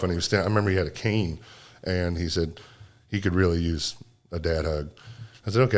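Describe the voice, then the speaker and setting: Man, low voice, casual podcast chat, rambling storyteller, gets choked up. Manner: emotional, choking up while telling stories; rambling with many restarts and fillers. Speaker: podcast co-host.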